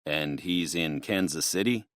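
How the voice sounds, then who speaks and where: A man's voice: very deep voice, a little slow, fairly bright tone, no echo, pitched below the performer's own voice. A man voicing a large middle-aged police officer who speaks bluntly and plainly. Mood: gruff, blunt. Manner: blunt, matter-of-fact.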